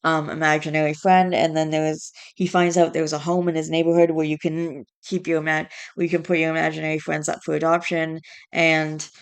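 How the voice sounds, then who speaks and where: A woman's voice: sits low, level tone, brisk, clean tone. A woman vlogging in a casual chat, stressed and tired, fighting back yawns and restarting her sentences as she rambles.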